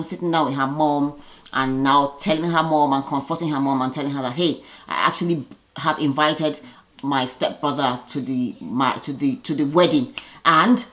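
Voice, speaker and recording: Chatty lady vlogger doing a reality tv recap, gossipy and opinionated, voice jumps up a lot. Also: rough recording. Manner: lively, gossipy, opinionated with sudden pitch jumps.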